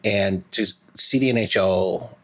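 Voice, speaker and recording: A male podcast host with a very low voice talks earnestly to his guest. He sounds sincere and appreciative as he reflects on what the guest shared. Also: a little slow. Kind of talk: casual podcast interview.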